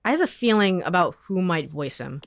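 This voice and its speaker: A woman's voice: lowish voice, expressive, a little fast, creaky, no room sound. A woman streamer giving casual gaming commentary, laughing often and stammering as she reacts. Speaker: let's play streamer.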